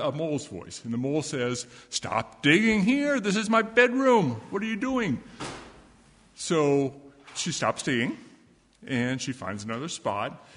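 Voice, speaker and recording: A man telling a story to children in a service, lively and asking them questions. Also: medium pitch. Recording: echoey hall with long reverb.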